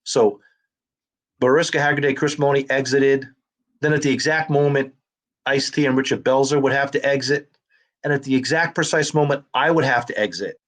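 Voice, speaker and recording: A man's voice: mid-range voice, brisk. A man, an actor and comedian telling stories in a casual conversation and acting out the dialogue. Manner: animated storyteller who acts out quoted dialogue.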